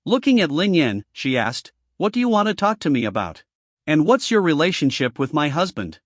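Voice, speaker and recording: A man's voice: a little high, very animated, moderate pace, dry recording. Guy reading a story recap, bouncy up and down delivery, dry close sound. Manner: reads every character's lines in his own voice. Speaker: narrator. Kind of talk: scripted story narration.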